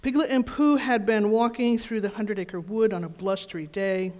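A woman's voice: medium pitch, moderate pace. Woman reading a story in a reverberant church. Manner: gentle, expressive storytelling. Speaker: pastor giving a children's message. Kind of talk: reading a storybook aloud to children. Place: church sanctuary.

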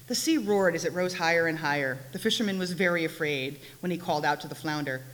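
A woman reading a folk tale aloud during a church service, expressive and with wry asides. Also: low-pitched, fast. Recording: echoey hall, faint hiss.

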